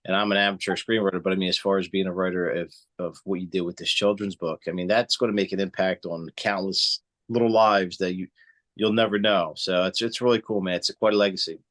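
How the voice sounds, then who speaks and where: A man's voice: deep voice, steady tone, a little fast, a bit bright. A man in his forties hosting an interview, enthusiastic and encouraging toward his guest. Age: 40s. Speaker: podcast host. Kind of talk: casual interview chat.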